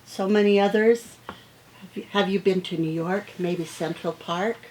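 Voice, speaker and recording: A middle-aged woman teacher reading picture books aloud to children, acting out the sound words with animated expression. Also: medium pitch, a little hiss or hum, rough recording. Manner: slow, gentle pace.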